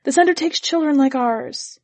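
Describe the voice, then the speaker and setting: A woman voicing a tense young wife in a read-aloud story, pitching her voice higher and speaking with earnest strain. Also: moderate pace, a little mellow, no echo, close to an everyday voice. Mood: pleading. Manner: earnest, strained, rising to anger.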